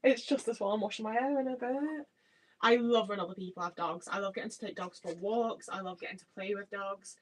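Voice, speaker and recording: A woman's voice: mid-range voice, a little fast, slight background noise, rough recording. A young English woman from the Midlands, with a slight Liverpool twang, chatting and swearing freely with viewers while baking in her home kitchen. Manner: rambling, chatty, swears freely, self-deprecating. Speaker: livestreamer.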